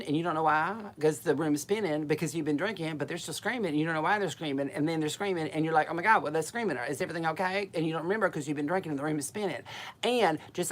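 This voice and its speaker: A woman from Alabama with a Southern accent, telling rambling, bawdy comic stories in a folksy way. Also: lowish voice. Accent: Southern American, Alabama. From Alabama, USA. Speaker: comic entertainer. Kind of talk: comic storytelling chat.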